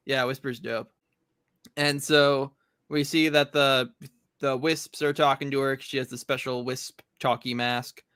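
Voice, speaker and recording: A young man co-hosting a casual chat, recapping a comic story in an animated way. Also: mid-range voice, measured pace, smooth, dry recording, clean studio sound. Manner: animated, recaps with acted quotes. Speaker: podcast co-host.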